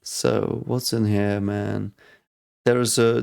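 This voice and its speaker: A man hosting a reaction video, talking casually and excitedly, swearing often and thinking aloud. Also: mid-range voice, a little slow, vocal fry.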